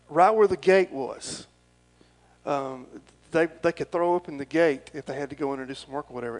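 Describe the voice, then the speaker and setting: A man's voice: mid-range voice, poor audio. A middle-aged man, preaching a folksy, rambling and earnest sermon as pastor.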